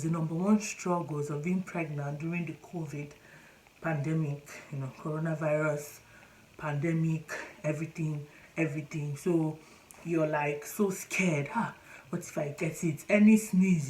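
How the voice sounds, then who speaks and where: A woman's voice: deep voice, normal speed, a little mellow, poor audio. A pregnant woman vlogging in a casual chat to camera, often breaking into laughter and exclaiming as she talks. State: pregnant, short of breath.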